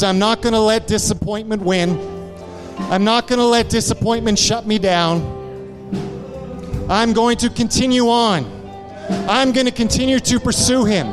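A male pastor preaching with fervent, repeated exhortations during a church service. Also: high-pitched. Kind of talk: sermon.

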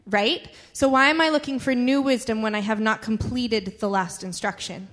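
A woman with kids giving an animated personal testimony to her church congregation. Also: on the high side. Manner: animated, quick storytelling. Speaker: church member sharing testimony.

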